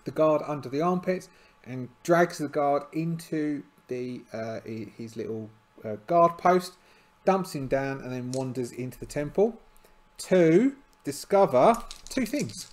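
Slow, hesitant man narrating a solo RPG. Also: a little high, darkish tone. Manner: hesitant, full of fillers and restarts. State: tired. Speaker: solo tabletop game player.

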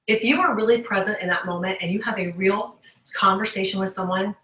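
A woman giving an upbeat motivational talk, slipping into little acted-out dialogues as she tells her stories. Her voice is bright and sharp, and it comes from a little way off in an echoey room. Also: medium pitch, fairly quick, far from the mic. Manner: animated storytelling, acts out quoted conversations. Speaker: guest speaker and sales trainer.

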